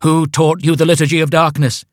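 A man voicing a bossy, pompous young male leader of a small satanic sect, ranting in a raised, loud voice. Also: fairly high pitch, little pitch movement, brisk, dry recording, clean studio sound, pitched above the performer's own voice, lightly acted. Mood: grandiose. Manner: grandiose, ranting.

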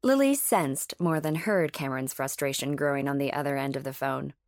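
A woman narrating an audiobook in an even, storytelling manner. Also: very deep voice, a little fast, no echo, studio quality. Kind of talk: scripted narration.

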